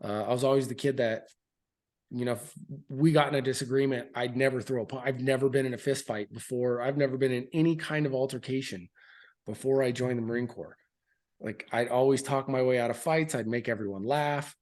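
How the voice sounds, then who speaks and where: A man's voice: medium pitch, fairly even intonation, fairly quick, a little mellow. Frank man in his thirties. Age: 30s. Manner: frank and earnest, with loose fillers and restarts. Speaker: podcast guest, military veteran. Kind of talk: candid interview storytelling.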